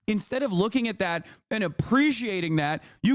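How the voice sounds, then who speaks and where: A man's voice: high voice, expressive, moderate pace, hardly any pauses, no echo, studio quality. A male streamer in a profane, exasperated livestream reaction rant.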